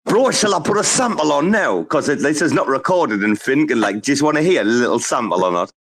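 A man's voice: fairly high pitch, very animated, fairly quick. A man hosting a casual chat, joking around and swearing freely. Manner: loose, swearing, joking banter. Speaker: host.

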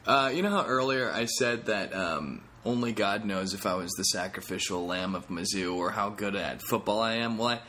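A man's voice: on the low side, moderate pace, hardly any pauses, bright, forceful tone, slight background noise. A man who is a comedian, hosting a casual solo podcast in a rambling, profane way with self-mocking jokes.

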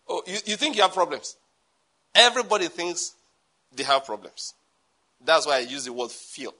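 Bright-toned Nigerian pastor preaching. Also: male voice, fairly high pitch. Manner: animated, joking asides, laughs at own lines. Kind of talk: sermon.

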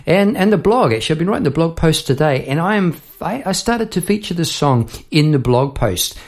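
Chatty songwriter, rambling storyteller. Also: male voice, a little high, expressive, a little fast, darkish tone. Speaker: songwriter hosting a podcast. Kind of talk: casual chat about songwriting.

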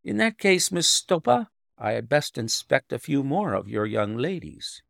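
A man playing a fussy, coaxing gentleman. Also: mid-range voice, very animated, unhurried, vocal fry, no room sound, studio quality, pitched above the performer's own voice, exaggerated voice. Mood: regretful. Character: fussy odd middle-aged English gentleman employer. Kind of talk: audiobook reading.

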